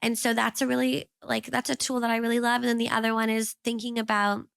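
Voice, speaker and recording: Woman in her thirties, heavy vocal fry, slightly high voice, rambling casual chat, fillers everywhere. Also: level tone, quick pace, fairly bright tone, no room sound, studio quality. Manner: rambling, reflective, many fillers. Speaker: guest, parent. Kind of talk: casual conversational interview.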